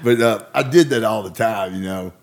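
A middle-aged man, casually telling animated stories from his youth. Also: lowish voice, normal speed. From Arkansas. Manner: animated, acts out voices in stories. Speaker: guest storyteller. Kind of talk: casual storytelling.

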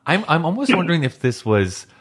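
A man's voice: on the high side, wildly swooping pitch, brisk, breathy edge. A man guest on a podcast, chatting casually and sounding wry and opinionated. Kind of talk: casual chat.

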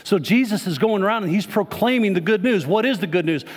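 A pastor preaches to his congregation in a high-pitched, animated voice, talking fast. He keeps it conversational and tosses questions to the crowd, with long reverb filling the church sanctuary.

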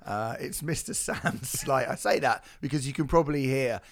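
A middle-aged man with a croaky, hoarse voice co-hosting a music podcast, joking and teasing in casual banter. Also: mid-range voice, moderate pace. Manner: jokey, self-mocking banter with laughs. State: hoarse, recovering from lost voice. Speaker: podcast co-host. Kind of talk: casual chat.

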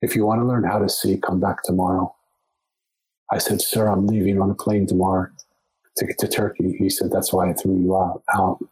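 A man's voice: deep voice, flat delivery, brisk, dark tone, breathy edge, poor audio. A man, a podcast guest, telling a long story in conversation, often restarting and repeating words as he goes.

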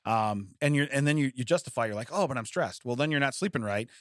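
A man's voice: medium pitch, animated, fast, dry recording, studio quality. A man co-hosting a podcast, chatting casually and jokily, laughing often as he rambles. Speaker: podcast co-host. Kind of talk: casual comedic chat.

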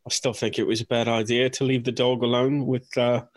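A man's voice: medium pitch, flat delivery, fairly quick, dry recording, natural voice. A man voicing a wry, breezy character with a put-on London accent in a tabletop game. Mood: grumbling.

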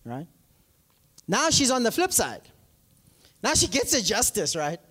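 A male pastor preaches in an animated, conversational way, often checking in with his listeners. His voice sits high and swings widely in pitch. It carries a long reverb, as if in a large hall. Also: measured pace, breathy edge. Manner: animated, asks congregation often, many fillers. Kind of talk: conversational sermon with stories.

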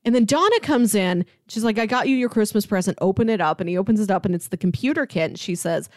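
A woman's voice: medium pitch, expressive, fast talker, no room sound, clean studio sound. A woman co-hosting a podcast, casually recapping a drama episode and animatedly acting out the characters' lines. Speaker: podcast co-host. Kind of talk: casual chat recapping a TV show.

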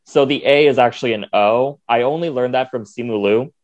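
A man's voice: medium pitch, fairly quick, darkish tone, dull audio. A man co-hosting a casual podcast, laid-back and drawling, swearing now and then. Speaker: podcast co-host. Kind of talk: casual chat.

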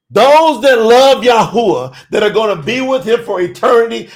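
A man preaching an urgent sermon, shouting and pleading with his listeners. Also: sits high, creaky. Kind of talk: fiery sermon.

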